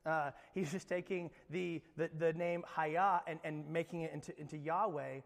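A young adult male pastor preaching a sermon in an animated, dramatic way with playful asides. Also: fairly high pitch, moderate pace, creaky, big-room sound.

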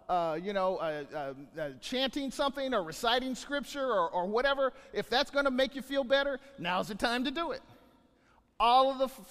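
A man preaching a sermon as pastor, animated, often repeating words as he acts out scenes. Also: high-pitched, in a large hall.

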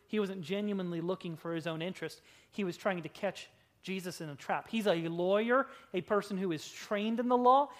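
Emphatic woman preaching a sermon. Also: mid-range voice. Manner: emphatic, swinging between loud and hushed; slows down to stress key words. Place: church service.

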